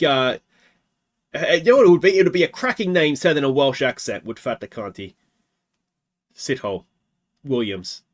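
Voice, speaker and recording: Here an Australian man with a medium pitch provides game commentary for a let's play. He talks his way through a football management game, asking himself rhetorical questions.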